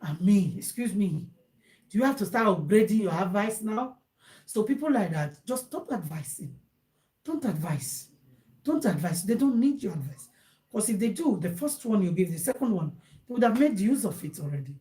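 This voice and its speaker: A woman's voice: medium pitch, big pitch swings, moderate pace, warm tone. Emphatic Nigerian woman giving advice. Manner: emphatic, repeats phrases, mixes Pidgin into English. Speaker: host. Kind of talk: casual advice talk to viewers.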